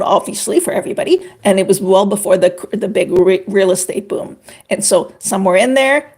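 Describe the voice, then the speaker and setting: Chatty gravelly-voiced older woman. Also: mid-range voice. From Canada. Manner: animated, chatty, greets viewers by name. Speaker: relationship expert on a livestream. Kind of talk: casual livestream chat.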